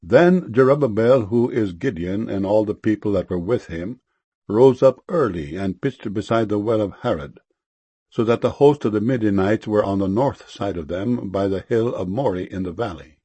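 A man reading archaic scripture verses aloud in a steady, measured way. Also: fairly low pitch, breathy edge, dry recording.

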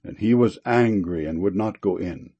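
A man reading old-style Bible verses in a measured, solemn delivery. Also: low-pitched, warm tone, slightly rough, highs cut off. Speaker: scripture reader.

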